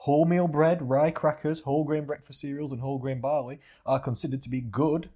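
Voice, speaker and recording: A man who hosts a podcast and coaches clients, talking in a relaxed, chatty way and reading out articles. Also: a little high, brisk. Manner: relaxed, chatty, laughs often. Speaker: podcast host and fitness coach. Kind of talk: casual chat.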